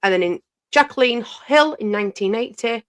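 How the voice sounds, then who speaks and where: A woman's voice: fairly high pitch, expressive, fairly quick, fairly bright tone. A woman co-hosting a podcast, reading names and years aloud in a matter-of-fact way. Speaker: podcast co-host.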